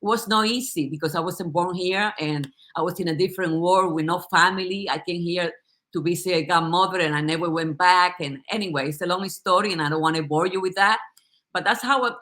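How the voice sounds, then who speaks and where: A middle-aged woman from the Dominican Republic, a native Spanish speaker with a Spanish accent, earnestly telling her life story as a guest and laughing easily. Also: on the low side. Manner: warm, earnest, laughs easily, restarts often. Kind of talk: casual personal testimony.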